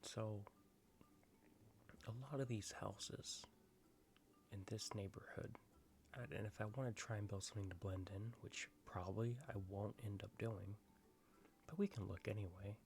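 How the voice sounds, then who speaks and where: A man hosting an ASMR gaming video, rambling in soft-spoken commentary that drifts between a quiet voice and whispers. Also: on the low side, fairly even intonation, normal speed, vocal fry, pauses often, slight background noise.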